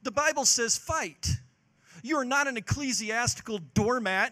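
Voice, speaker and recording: A male pastor, preaching a passionate sermon that swings from loud exhortation to hushed, earnest moments. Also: very high-pitched, normal speed.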